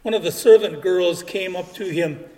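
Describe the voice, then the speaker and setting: High-pitched male reader, off-mic in a reverberant hall. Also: moderate pace, warm tone, far from the mic. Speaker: scripture reader. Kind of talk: reading aloud.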